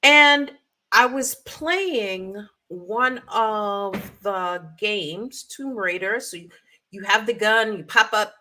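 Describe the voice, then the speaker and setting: A woman's voice: a little high, slow pace, sharp tone. A woman co-hosting a casual podcast, telling stories animatedly with playful sound effects. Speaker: podcast co-host. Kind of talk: casual chat.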